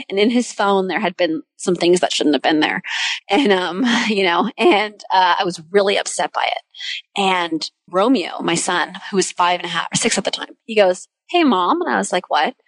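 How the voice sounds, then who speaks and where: A woman's voice: fairly low pitch, no echo. A middle-aged woman on a podcast, chatting casually and telling a story with real energy. She jumps into the voices of the people in it. The sound is dry and close. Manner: animated storyteller, acts out quoted voices. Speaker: guest.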